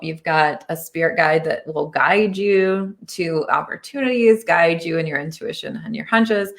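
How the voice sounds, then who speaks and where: A woman's voice: sits low, gravelly, fairly bright tone. A woman hosting a podcast about spirituality, talking in an enthusiastic and reassuring way in casual interview chat. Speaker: podcast host and spiritual medium.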